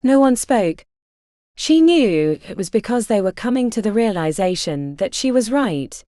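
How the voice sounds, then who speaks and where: A woman reading a fantasy audiobook as its narrator, in an expressive storytelling manner. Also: medium pitch, measured pace, dry recording, studio quality. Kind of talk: scripted narration.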